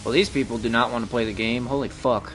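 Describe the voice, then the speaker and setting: A man's voice: medium pitch, fairly even intonation, fast, a bit bright, slight background noise. A young man from the Midwest chatting casually with his viewers while playing a game live, rambling and cursing freely. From Midwestern United States. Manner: profane, rambling, talks to chat. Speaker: game streamer.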